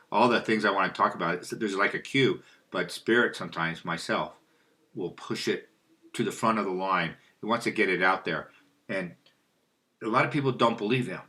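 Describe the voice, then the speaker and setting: A man with a very low, bright-edged voice rambles through a solo monologue. He loses his thread and picks it back up, putting questions aloud and answering them himself. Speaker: spiritual video host.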